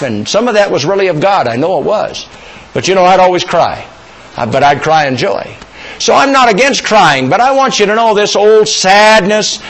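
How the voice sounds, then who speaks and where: An older male preacher delivers a sermon in a high voice that swoops up and down with animation. He keeps putting questions to his congregation and calling for amens. His delivery rises and falls freely through the whole message. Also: rough recording.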